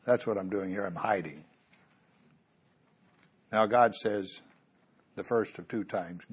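A man's voice: fairly low pitch, slow pace, pauses often, breathy edge. A man preaching a sermon, earnest, bringing the story's voices to life as he goes.

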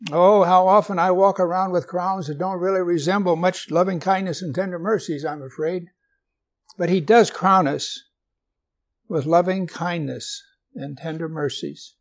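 A man delivering a sermon in a somewhat high voice. He reads scripture aloud, asks his listeners questions, and slips in gentle jokes. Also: fairly even intonation, normal speed. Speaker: preacher.

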